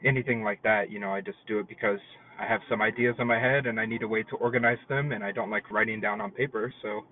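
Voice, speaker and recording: A man's voice: fairly low pitch, steady tone, fast. Man on a tinny phone message. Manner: hesitant, irritated, many fillers. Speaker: caller, podcaster. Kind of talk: casual voice message. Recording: tinny phone line with faint noise.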